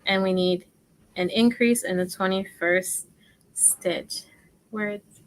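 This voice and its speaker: Steady and medium in pitch, this woman's voice comes through poor audio as she teaches crochet in a casual live stream. She's slow and chatty, self-deprecating, and keeps dropping into murmured stitch counts.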